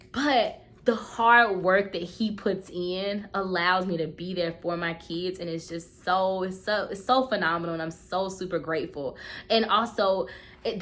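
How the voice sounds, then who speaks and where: Speaking with a mid-range, fairly bright voice, a thirty-something woman addresses her viewers in a relaxed to-camera vlog. Her delivery is heartfelt and earnest, and she frequently repeats phrases for emphasis.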